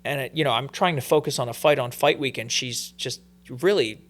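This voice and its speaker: A man talks as a podcast guest in a mid-range voice, loose and unhurried. He tells stories with many fillers and restarts, easygoing and open. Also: medium pitch, a bit bright. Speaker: guest, pro fighter. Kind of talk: casual podcast interview.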